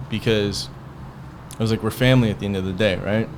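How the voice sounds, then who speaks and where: A man's voice: on the low side, steady tone, fairly quick, noisy background. A man hosting a podcast, telling a heated personal story in a rambling, profane way, full of quoted back-and-forth. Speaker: podcast host. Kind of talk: casual storytelling.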